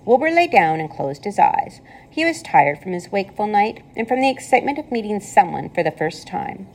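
Woman reading a kids book out loud, lots of ups and downs in her voice. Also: mid-range voice, sing-song, a little fast, a little hiss or hum, low-quality recording. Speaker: reader. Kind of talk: reading a children's novel aloud.

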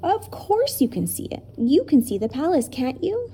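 A woman's voice: high-pitched, sing-song, normal speed, dark tone, voice pushed up. A woman doing an eager young boy. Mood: urgent. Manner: urgent, questioning.

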